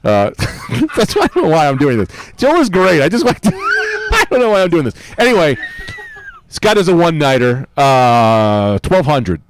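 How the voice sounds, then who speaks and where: A man's voice: a little high, wildly swooping pitch, moderate pace, background noise. A middle-aged man, a guest comedian in casual podcast chat, telling crude, riffing, joking stories.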